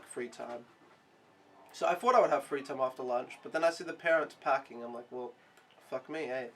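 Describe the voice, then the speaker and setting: A man's voice: a little high, a little hiss or hum. A young man recapping his week in a casual vlog, rambling and frustrated, swearing often and filling gaps with "like". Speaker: au pair vlogger.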